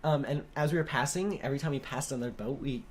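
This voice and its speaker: A man's voice: mid-range voice, fast talker, slight background noise. Rambling young man telling a story. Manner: rambling anecdote teller, laughs often. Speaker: podcast co-host. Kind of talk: casual chat, storytelling.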